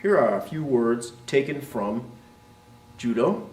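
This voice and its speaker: A man's voice: medium pitch, lively intonation, slow pace, darkish tone, a little hiss or hum. A man teaching as a martial arts instructor, explaining terms and modeling their pronunciation, often checking with "right?". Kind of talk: instructional talk to camera. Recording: roomy, voice from a distance.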